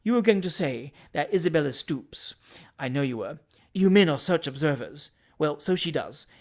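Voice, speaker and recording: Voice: medium pitch, lively intonation, normal speed, natural voice. A reader voicing a coy middle-aged spinster aunt who gossips in arch, flirtatious whispers, in an audiobook of a classic novel.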